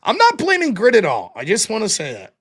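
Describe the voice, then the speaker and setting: Lively, bright-voiced male stream host. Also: high-pitched. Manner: quick, offhand thanks and blunt replies with swearing. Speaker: livestream host. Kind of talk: casual chat reading viewer donations.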